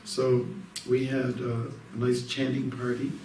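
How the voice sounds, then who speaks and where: A man's voice: mid-range voice, completely flat delivery, measured pace, a little mellow. A man, a monk from Canada, giving an informal devotional evening talk, rambling through stories with many fillers and restarts. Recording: roomy hall, distant mic, faint noise.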